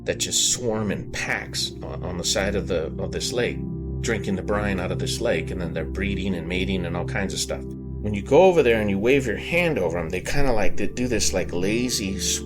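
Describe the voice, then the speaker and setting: A man with a fairly low voice recounts a personal brush with the paranormal for his podcast. He talks earnestly, pausing and rephrasing as he searches for the right words. Clear music plays underneath him throughout. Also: animated. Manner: earnest, halting, circles back and rephrases. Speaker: podcast host. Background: background music.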